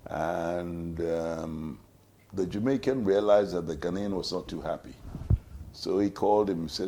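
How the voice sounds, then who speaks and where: An older man hosting a radio talk show, telling jokes in a relaxed way and acting out the voices in his stories. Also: deep voice, a little slow, a little hiss or hum. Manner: relaxed joke-telling, acts out quoted voices. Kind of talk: casual storytelling chat.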